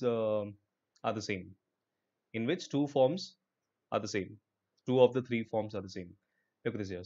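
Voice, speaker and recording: A young man teaches a live online English class with an Indian English accent, upbeat and encouraging, sometimes switching into Hindi. His voice is mid-range and slightly mellow, with the high frequencies cut off.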